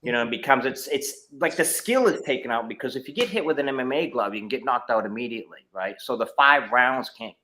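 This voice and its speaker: A man's voice: mid-range voice, expressive, quick pace, hardly any pauses, pushed and bright, slight background noise. Middle-aged man, martial arts instructor, rambling casual storytelling, lots of fillers and restarts, video call.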